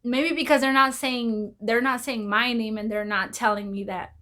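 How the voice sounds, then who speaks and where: A woman's voice: fairly high pitch, steady tone, normal speed, sharp tone. A woman vlogging casual commentary, rambling, repeating herself and exclaiming as she goes.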